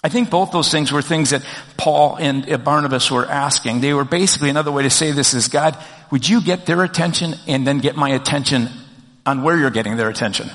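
A pastor gives a conversational sermon, asking his congregation rhetorical questions as he goes. His voice is fairly high, fairly bright, and fairly quick, with the long reverb of a large hall.

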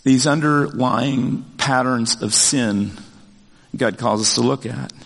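An older man preaching a sermon as pastor, talking in a conversational, animated way with many fillers and restarts. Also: mid-range voice, slow pace, creaky, in a large hall.

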